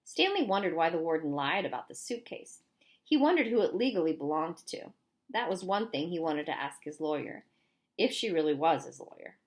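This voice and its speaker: A woman reading a novel aloud in a clear, steady storytelling manner. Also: sits low, a little fast. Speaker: audiobook reader.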